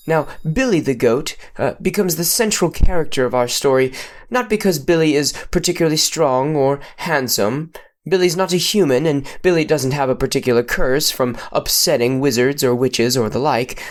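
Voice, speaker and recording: A man improvising a silly story with playful, mock-solemn narration and sudden pitch jumps.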